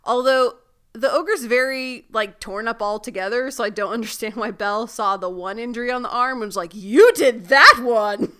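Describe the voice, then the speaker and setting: A woman co-hosting a podcast, recapping a TV episode in a casual, animated way. Her voice is very bright and smooth, with playful sarcasm running through her remarks. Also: fairly high pitch, a little fast. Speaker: podcast co-host.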